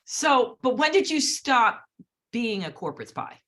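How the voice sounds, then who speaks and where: A woman's voice: fairly high pitch, big pitch swings, a little slow, fairly bright tone. Woman hosting a podcast interview. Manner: brief encouraging backchannels, reads listener questions. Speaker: podcast host.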